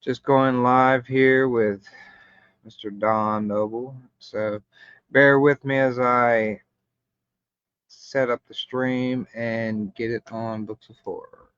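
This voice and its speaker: Slow, laid-back male livestream host. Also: mid-range voice, fairly even intonation, a bit bright, clean tone, dry recording. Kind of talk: casual live chat. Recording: muffled lo-fi stream audio.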